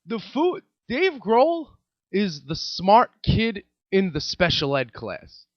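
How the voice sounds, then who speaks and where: A man's voice: high-pitched, huge pitch swings, slow, no echo. Ranting sarcastic male podcast host. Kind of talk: comedic rant. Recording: dry, dull lo-fi sound.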